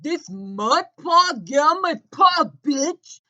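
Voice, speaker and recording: A woman putting on a loud, crude, hot-tempered woman with broken grammar to mock her. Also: high-pitched, very animated, takes it slowly, lo-fi sound, pitched above the performer's own voice, exaggerated voice. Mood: shouting.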